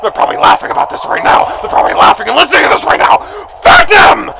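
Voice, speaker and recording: Furious inmate on a collect call, high gravelly voice swinging wildly, loud crowd behind. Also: male voice, big pitch swings, brisk, very noisy, full character voice. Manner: ranting, swearing, shouting. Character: angry foul-mouthed male prison inmate.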